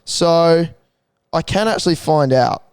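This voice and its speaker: Young aussie guy co-hosting a podcast, slightly high voice, dry close mic, keeps laughing and swearing. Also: a little slow, clear, resonant tone, dry recording. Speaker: podcast co-host. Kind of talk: casual chat.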